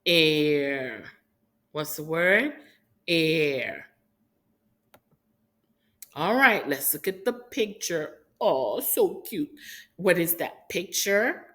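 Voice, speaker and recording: A woman's voice: sits low, animated, drawn-out words, pauses often, a bit bright. A woman from Haiti teaching rhyming sounds to young children in an encouraging, sing-song teacher manner. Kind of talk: phonics lesson for young children.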